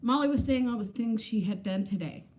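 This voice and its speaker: A woman's voice: a little high, fairly quick, darkish tone, a little hiss or hum. Rambling, candid woman in her fifties. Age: 50s. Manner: rambling, candid, greets viewers by name. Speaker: vlogger. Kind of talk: casual livestream chat.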